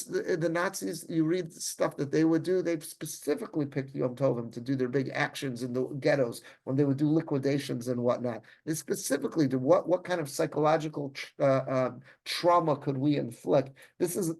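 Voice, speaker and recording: A man, a rabbi, teaching a Torah class in an animated, conversational way, often restarting sentences and mixing in Hebrew terms. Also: on the high side, normal speed, creaky.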